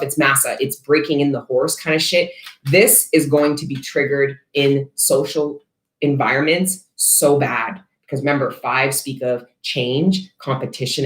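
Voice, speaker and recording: Lady tarot reader going off, cussing, blunt, lots of side rambles, echoey room. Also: a bass voice. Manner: blunt, profane and fired up; rambling, self-interrupting asides. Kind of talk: collective tarot reading. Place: her studio.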